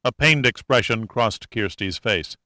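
A man narrating an audiobook in an even, measured storytelling manner. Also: fairly low pitch, no echo.

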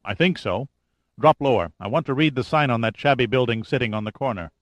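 A man's voice: medium pitch, brisk, dry recording, lightly acted. Anxious confused soviet guy, a narrator doing him, urgent, dry close sound. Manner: urgent, increasingly desperate. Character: anxious, confused Soviet man searching, male.

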